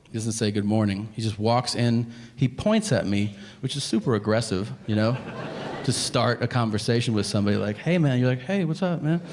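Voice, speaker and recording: A man in his thirties doing a stand-up comedy routine, telling stories and acting out both sides of each conversation in an animated way. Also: medium pitch, a little fast. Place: comedy club stage. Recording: live club set with hall reverb and audience noise. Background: audience laughter.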